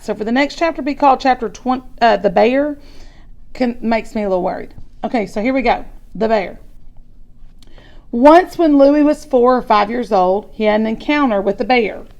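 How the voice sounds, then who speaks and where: A woman's voice: on the high side, gravelly, darkish tone. A woman reading a chapter book aloud to children, adding chatty asides. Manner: chatty asides between story passages.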